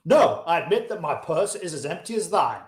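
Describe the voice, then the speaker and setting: A man reading the part of a poor, wistful lyre player, speaking measured old-fashioned English. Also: on the high side, sing-song. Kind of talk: audiobook-style reading of a classic. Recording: roomy echo.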